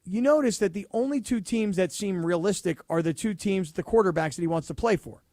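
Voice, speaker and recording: A man co-hosting a sports talk radio show, animated and sarcastic, who slips into mocking impressions of players. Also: sits high, fairly quick, no echo, clean studio sound.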